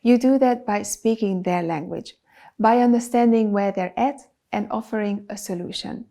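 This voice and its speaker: This channel host, a woman who makes videos for clients and isn't a native English speaker, gives a business advice talk to camera. Her medium-pitched voice moves at a moderate pace, emphatic, ticking off items rhythmically.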